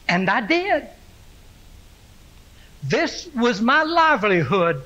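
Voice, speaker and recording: A pastor delivering a slow, reflective first-person monologue as the apostle Simon Peter. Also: male voice, high-pitched, bright, forceful tone, low-quality recording. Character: Simon Peter, aging fisherman-apostle recalling his past.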